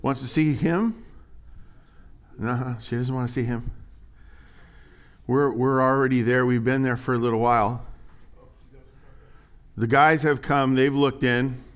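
A man preaching a sermon in a conversational, animated way, reading scripture aloud with rising emphasis. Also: medium pitch, unhurried, long pauses. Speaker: pastor.

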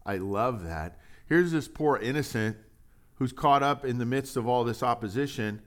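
A man's voice: mid-range voice, normal speed, fairly bright tone. Man preaching with rhetorical questions. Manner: conversational, rhetorical questions, reads scripture aloud. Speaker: pastor. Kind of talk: sermon.

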